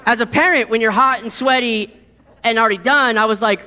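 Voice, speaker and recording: A man's voice: very high-pitched, brisk, pushed and bright, clear, resonant tone. A man in his thirties preaching a sermon, telling stories with chuckles and repeating key words for emphasis.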